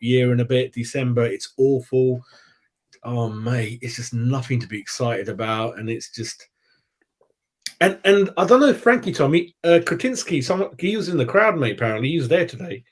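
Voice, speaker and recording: A man hosting a football fan chat, talking in a rambling, animated way and calling everyone mate. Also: mid-range voice. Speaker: fan channel host.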